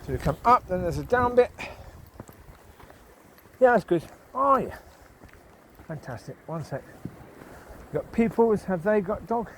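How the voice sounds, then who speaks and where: A man's voice: high voice, expressive, measured pace, pauses often, a little hiss or hum, rough recording. A man vlogging while he walks his dogs along a rural path, rambling chattily and talking to the dogs. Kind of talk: casual talk while walking outdoors. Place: outdoors by water on a rural path.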